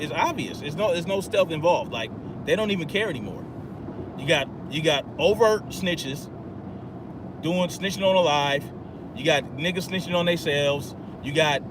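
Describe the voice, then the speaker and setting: A man's voice: mid-range voice, noisy background. A man hosting a podcast in an agitated, profane, rambling monologue. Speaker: podcast host. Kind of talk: ranting monologue.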